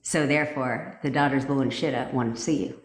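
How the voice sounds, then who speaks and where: A blunt, foul-mouthed woman chats live with her viewers, excitable and breaking into laughs. Her voice sits low for a woman. The sound bounces around an echoey room. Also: a little fast, slight background noise. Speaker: manifestation coach hosting a livestream. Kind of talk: casual livestream chat with viewers.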